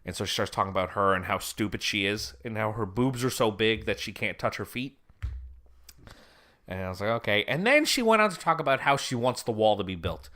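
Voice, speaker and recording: A man's voice: lowish voice, lively intonation, a little fast, sharp tone. A man co-hosting a podcast, telling a story in casual chat, rambling and often laughing. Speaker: podcast co-host.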